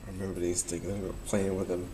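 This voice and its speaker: A man's voice: sits low, little pitch movement, very fast, very noisy. A young man, chatting casually to camera in a rambling, nostalgic way and laughing often. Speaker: vlogger.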